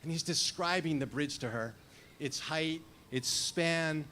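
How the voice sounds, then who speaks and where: A man's voice: a little high, a little slow, sharp tone, slight background noise. Wry man in his fifties telling a story. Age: 50s. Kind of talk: live story slam performance.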